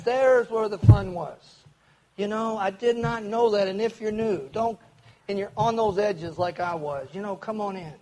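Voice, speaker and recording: Over a poor-quality recording, an older man from Kentucky shares his recovery story with a meeting crowd in a voice that sits high with a darkish tone. Earnest throughout, he performs quoted voices and keeps shifting between faster and slower delivery.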